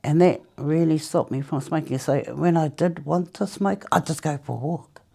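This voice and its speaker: With a low, husky, mellow voice marked by vocal fry and a moderate pace, a New Zealand woman talks in an interview about how she stopped smoking. She tells it conversationally, laughing frequently and acting out others' words.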